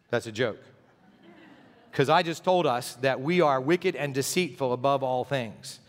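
A man's voice: mid-range voice, expressive, moderate pace, big-room sound. A middle-aged man pastor preaching a sermon in a church sanctuary, chatty and joking with asides. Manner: conversational preaching with jokes and asides.

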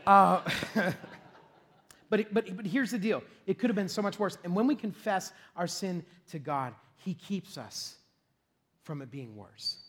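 Delivering a sermon, this middle-aged male pastor tells an animated story at his own expense, with frequent laughter and bursts of shouting. His voice is high and his pace measured.

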